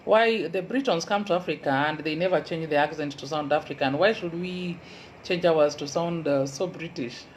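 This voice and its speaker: A woman with a Kenyan Luo accent, a university lecturer giving an earnest motivational talk and repeating key advice slowly for emphasis. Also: deep voice, dull audio, a little hiss or hum.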